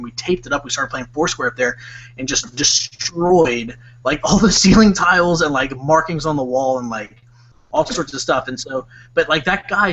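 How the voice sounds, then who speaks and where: A man's voice: fairly high pitch, bright, forceful tone. A young man telling a story in casual podcast chat, rambling and leaning on "like". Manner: rambling, heavy use of "like", bursts of laughter. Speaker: podcast co-host. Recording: dull lo-fi podcast audio.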